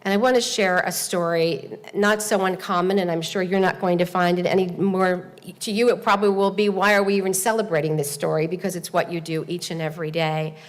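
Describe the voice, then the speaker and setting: A woman hosting a seminar, giving an earnest formal speech to an audience, telling a story with pauses and fillers. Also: fairly low pitch, fairly even intonation. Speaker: event host and presenter. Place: large hall at a speaking seminar. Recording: long hall reverb.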